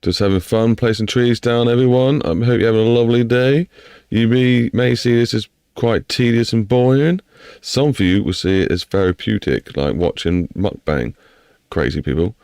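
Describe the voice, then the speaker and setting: A man's voice: mid-range voice, moderate pace, a little mellow, clean tone, no room sound, clean studio sound. A man with an English accent chatting casually on a live stream while he builds a game map, rambling and talking to himself and to chat.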